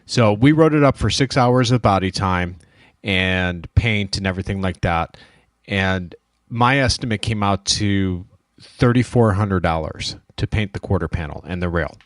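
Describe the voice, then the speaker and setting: Brief: male shop owner, low-pitched, chatty storyteller who acts out quotes, dry close mic. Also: moderate pace, no room sound. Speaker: dent repair shop owner, show host. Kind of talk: casual shop talk.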